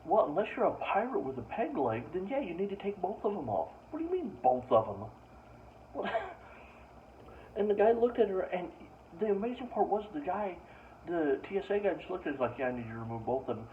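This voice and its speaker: This stand-up comedian tells comic stories casually, ranting with exasperation in a brisk, high voice that swings widely in pitch. He's captured on a distant mic with dull lo-fi sound and faint ambient noise.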